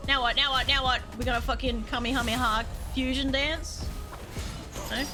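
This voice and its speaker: A woman streaming a game live, chatting with her viewers, excitable, swearing freely and breaking into squeals. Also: high voice, normal speed. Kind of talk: live gameplay commentary. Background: game music.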